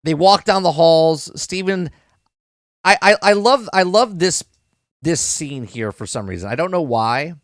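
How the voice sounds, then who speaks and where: A fairly high-voiced man talks through a TV episode on a live stream, rambling and circling back on his words. He curses offhandedly and keeps checking in with his chat. The sound is dry and close, with no room around it. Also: expressive, measured pace, fairly bright tone, no echo. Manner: rambling, repeats words, addresses chat, swears casually. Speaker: podcast host reviewing a TV episode. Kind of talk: casual live-stream review.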